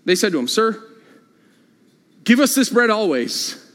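A male pastor preaching a sermon in a church, with animated delivery and frequent repeated phrases. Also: sits high, a little slow, big-room sound. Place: church sanctuary.

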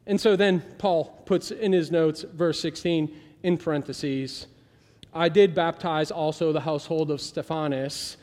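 A man preaches in a loose, chatty way, slipping into little voices for the people he quotes. His voice sits high for a man. The sound carries a long reverb tail from a large church hall. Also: unhurried. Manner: conversational, animated, acts out quoted voices. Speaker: pastor. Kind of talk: sermon.

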